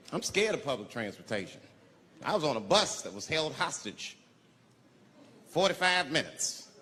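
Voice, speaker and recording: A man performing a profane stand-up set, telling a story with animated delivery and shouted character voices. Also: mid-range voice. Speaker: stand-up comedian. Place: large live comedy venue. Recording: live venue reverb, loud crowd laughter.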